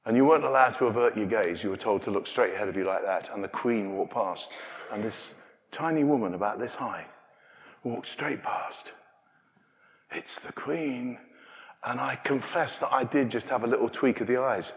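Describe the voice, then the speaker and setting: A man with an English accent preaching a sermon, telling stories with animated asides. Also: on the low side, a little fast. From England. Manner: animated storytelling, acting out scenes in hushed asides. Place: church. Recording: long reverb of a large church.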